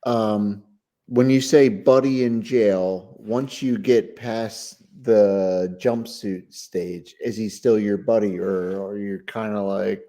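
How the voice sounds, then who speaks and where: Slow, low-voiced teasing co-host. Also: male voice, fairly even intonation, warm tone. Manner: teasing, dry interjections. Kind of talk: casual chat.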